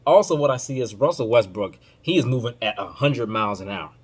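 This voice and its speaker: A man hosting a podcast, giving casual basketball commentary in an emphatic, informal, slang-heavy way that swings between loud outbursts and low muttering. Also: expressive, a little fast, husky. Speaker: podcast host.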